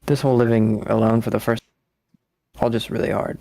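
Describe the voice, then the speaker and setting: A man's voice: medium pitch, level tone, brisk, gravelly, warm tone, no room sound, clean studio sound, close to an everyday voice. A man voicing a lonely, clingy woman who coaxes and pleads with the friend she is holding captive. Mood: coaxing. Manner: pleading, coaxing. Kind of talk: live comedic script reading.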